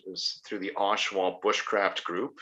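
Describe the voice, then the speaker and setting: A man's voice: low voice, flat delivery, normal speed, bright, forceful tone, rough recording. A man from Ontario, Canada, co-hosting a live-streamed talk show and talking in a rambling, enthusiastic way. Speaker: podcast co-host. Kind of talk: casual live-stream chat.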